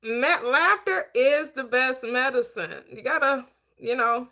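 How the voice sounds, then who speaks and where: A woman's voice: high-pitched, takes it slowly, pushed and bright. A middle-aged woman hosting a casual livestream chat, giggly and chatting with her viewers. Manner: giggly, laughs often, talks to viewers. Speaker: host.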